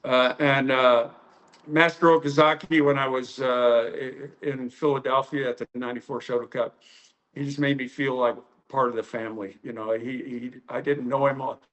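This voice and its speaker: A karate instructor from the United States telling stories in an interview, rambling with many fillers and acting out the quoted lines. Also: male voice, mid-range voice, fairly even intonation, normal speed, fairly bright tone. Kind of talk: storytelling interview.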